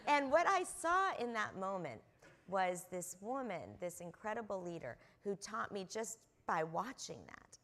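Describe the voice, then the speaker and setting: A woman's voice: mid-range voice, sing-song, measured pace, a bit bright. A middle-aged woman on a convention panel, telling earnest stories about mentors with plenty of ums and uhs. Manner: earnest anecdotal storyteller with frequent fillers. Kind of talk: conference panel storytelling. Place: convention stage.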